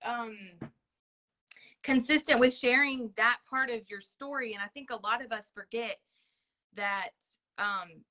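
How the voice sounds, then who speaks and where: A woman joining a phone live video, talking quickly and apologizing for interrupting. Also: fairly high pitch, bright, forceful tone. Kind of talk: casual chat on a live video.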